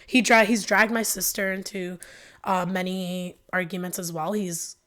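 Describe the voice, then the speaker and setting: A woman guest on a podcast telling her own story frankly, in an animated way with many fillers. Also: on the low side, normal speed. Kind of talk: candid personal storytelling.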